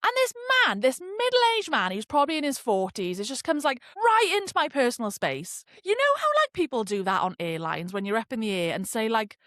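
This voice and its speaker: Woman host, lively pitch, a bit high, chatty and profane, dry close sound. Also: fairly quick, hardly any pauses, no echo. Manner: animated, chatty, swears freely. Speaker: podcast host. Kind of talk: casual storytelling monologue.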